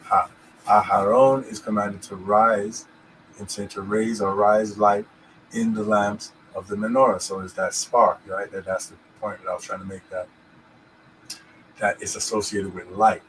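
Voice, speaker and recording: A man talks through scripture in a loose, rambling way, constantly checking in with his co-host. His voice sits fairly low, with a faint hiss behind it. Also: flat delivery, unhurried, fairly bright tone, low-quality recording. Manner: rambling, full of "you know what I'm saying". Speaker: podcast host. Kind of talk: casual scripture discussion.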